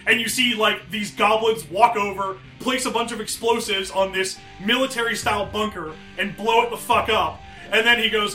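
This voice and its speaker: Male game master, high bright voice, casual rambling narration, roomy echo. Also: steady tone, moderate pace, hardly any pauses, soft background music.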